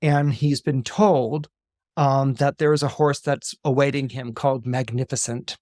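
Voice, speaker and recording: A man on a podcast retelling a fairy tale film in an animated storytelling way, with many fillers and restarts. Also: medium pitch, a little slow, no echo, studio quality. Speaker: astrologer podcast guest.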